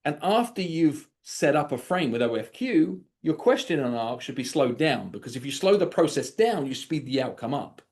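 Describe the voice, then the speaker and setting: Animated male coach on a video call. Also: a little high, normal speed, few pauses. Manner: animated, acts out sample dialogues. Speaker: sales coach.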